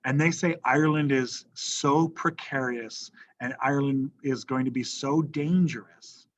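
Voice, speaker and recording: A man's voice: medium pitch, fairly even intonation, a little slow, rough recording. A man teaching a history lesson to students in a casual classroom manner, often checking in with the class. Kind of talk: classroom lecture.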